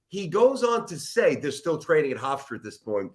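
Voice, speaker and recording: Animated middle-aged sports radio man. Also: fairly high pitch, moderate pace, few pauses. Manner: animated, rambling, self-mocking storyteller. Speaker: sports radio host, guest. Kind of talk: storytelling in a podcast interview.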